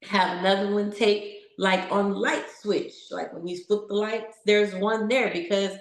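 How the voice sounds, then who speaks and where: A woman gives an encouraging motivational talk to a live audience, asking question after question. She speaks slowly at a middling pitch. Her voice rings in an echoey room. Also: steady tone. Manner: encouraging, conversational, asks many questions.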